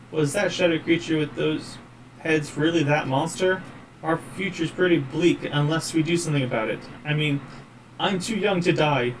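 A man's voice: fairly high pitch, far from the mic, slight background noise, natural voice, rough recording. A man voicing a tiny, cocky male sprite who talks in a brash, wisecracking way.

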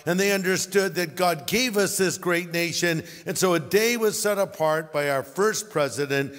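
A man's voice: high voice, moderate pace, fairly bright tone, faint music behind. A man, a pastor preaching a sermon to a congregation, mixing prayer with folksy jokes and asides. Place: large church auditorium. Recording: long hall reverb.

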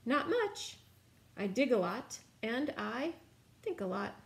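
A woman voicing a humble, unhurried little male wombat in a read-aloud storybook. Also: a little high, sing-song, creaky, full character voice. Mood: modest.

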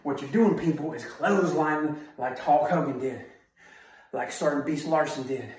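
A man's voice: a little high, normal speed, a little mellow. Punchy, emphatic man in an echoey room. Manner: punchy, emphatic, barked short phrases. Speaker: self-defense instructor. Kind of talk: motivational training talk. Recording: very echoey room, far from mic.

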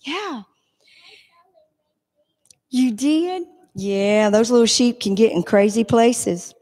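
Animated woman leading a children's sermon. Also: fairly high pitch, slow pace. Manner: animated, playful storytelling to children. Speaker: children's message leader. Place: church sanctuary. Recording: reverberant church hall.

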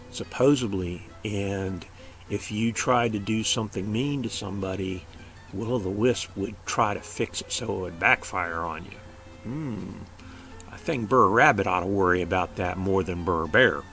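A man's voice: on the low side, moderate pace, fairly bright tone, soft background music. An older man reading a children's story aloud in a chatty way, stopping to explain things.

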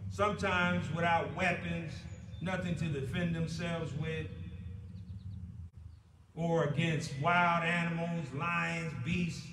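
A man with an American accent preaching a sermon in a church, building to loud, drawn-out emphasis on key words. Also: on the high side, a little hiss or hum. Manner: preaching with rising emphasis and slow drawn-out stresses. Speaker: pastor. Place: church sanctuary. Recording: echoey church from a distant mic.

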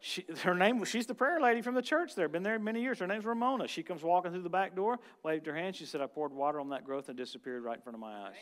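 A man with a somewhat high voice preaches a lively, animated sermon. He jumps between loud, excited bursts and quieter, low-key asides. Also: fast, few pauses. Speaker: guest preacher.

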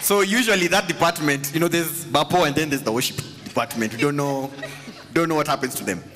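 A man's voice: fairly high pitch, a bit bright, faint music behind. A man preaching an interactive sermon, joking and teasing the congregation. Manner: joking, teasing, quick to laugh. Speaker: pastor. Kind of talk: interactive sermon with audience questions. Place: large church hall. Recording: reverberant church hall with faint ambience.

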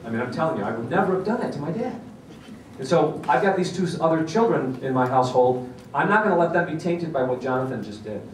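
Middle-aged guy telling a self-mocking story at a seminar, sounds far off in a big echoey hall, faint hiss. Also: medium pitch. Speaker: parenting seminar speaker.

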